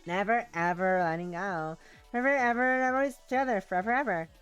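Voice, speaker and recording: A woman's voice: mid-range voice, fast talker, a bit bright, clean tone, muffled recording, soft background music, natural voice. A woman reading a game's text as a giddy, clingy, obsessive girl, rambling with lots of "like". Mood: giddy dreamy. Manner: breathless valley-girl rambling, full of "like".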